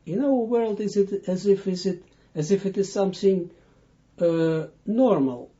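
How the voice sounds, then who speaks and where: Slow, dark-voiced man teaching haltingly. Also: sits high. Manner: halting, searching for words with many restarts. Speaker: Kabbalah teacher. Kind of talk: unscripted audio lesson. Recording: dull lo-fi audio.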